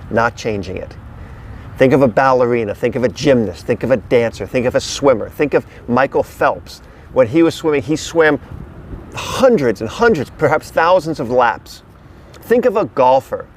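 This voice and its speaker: Outdoors, a middle-aged dog trainer speaks casually to a camera held by someone else, his voice on the high side with slight background noise. His instructional coaching is emphatic and repetitive.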